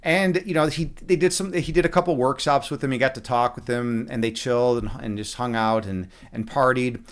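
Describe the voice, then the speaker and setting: A male streamer talks loosely from a home streaming room while a chess game runs, his voice sitting at an ordinary middle pitch. He rambles, restarts his sentences often and drops in casual swearing, close on a desk mic. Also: brisk, hardly any pauses, clear, resonant tone. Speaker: live streamer.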